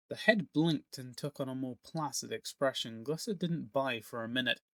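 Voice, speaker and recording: Guy reading a fantasy audiobook, bright gravelly voice, dry close sound. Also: mid-range voice, moderate pace, few pauses, dry recording. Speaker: audiobook narrator.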